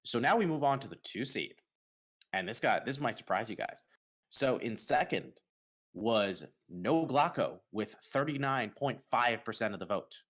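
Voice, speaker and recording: A man from New York hosting a casual podcast, announcing results with dramatic pauses. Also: medium pitch, expressive, a bit bright. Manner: upbeat, dramatic pauses on reveals. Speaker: host.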